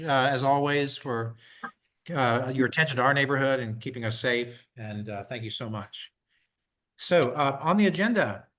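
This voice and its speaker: A man's voice: mid-range voice, fairly bright tone. Friendly man chairing a community meeting. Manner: friendly, halting, many fillers.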